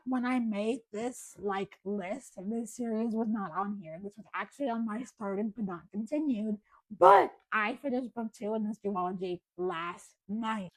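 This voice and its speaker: A woman's voice: mid-range voice, no room sound, poor audio. Young American woman, rambling chatty vlogger, slightly worn voice, dry close sound. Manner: chatty, rambling, lots of fillers. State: losing her voice. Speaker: book vlogger. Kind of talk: casual chat to camera.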